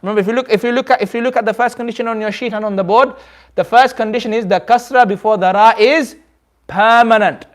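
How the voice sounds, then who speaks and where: A man's voice: sits high, fairly even intonation, fast. A man teaching Quran recitation to a class, explaining patiently, repeating his points and quizzing the students. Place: community centre classroom.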